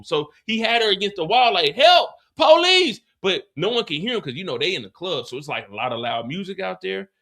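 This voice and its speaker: Man, high voice, live after-show host, slangy, repeats himself, animated storytelling. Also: vocal fry.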